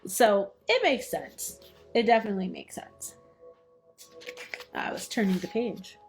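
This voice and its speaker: A woman hosting a study session, reading a book aloud and stopping to explain it in her own words, playful and quick to laugh at herself. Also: medium pitch, big pitch swings, faint music behind. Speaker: study group host.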